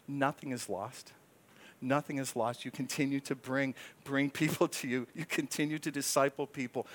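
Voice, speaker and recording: Pastor, male, slightly high voice, earnest, chatty sermon with frequent restarts. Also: a bit bright. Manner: earnest, conversational preaching with stumbling restarts.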